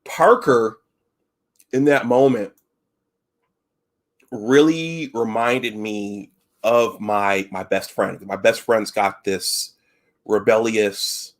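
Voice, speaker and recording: A man's voice: fairly low pitch, steady tone, drawn-out words, long pauses. A man hosting a casual live stream, retelling film scenes with frequent restarts and acted-out quotes. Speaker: host.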